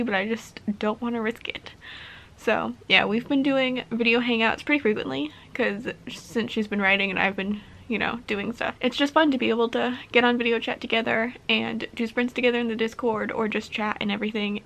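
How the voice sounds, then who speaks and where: A woman's voice: fairly high pitch, fairly bright tone. A woman chatting casually to camera at home in a reading vlog, rambling and laughing often. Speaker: book vlogger.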